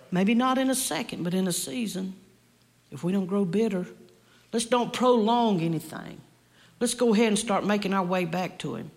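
A woman's voice: medium pitch, normal speed, vocal fry. Woman guest preacher, fervent sermon delivery, repetitive cadence, mid-range voice.

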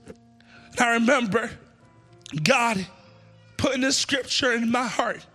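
A man preaching an impassioned sermon and altar call in a church, often shouting with a sing-song preaching cadence. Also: extremely high pitch, slow, soft background music. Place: church sanctuary.

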